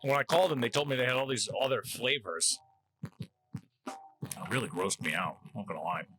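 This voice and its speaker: A man's voice: mid-range voice, normal speed, pushed and bright, poor audio. A man from New Jersey hosting a casual food-tasting vlog, chatty and wry as he jokes between bites. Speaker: host.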